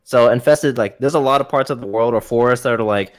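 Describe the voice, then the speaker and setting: A man's voice: medium pitch, fast talker. A young man co-hosting a podcast, rambling playfully with lots of filler words in casual chat. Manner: rambling with many "like" fillers, playful what-ifs. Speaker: podcast co-host.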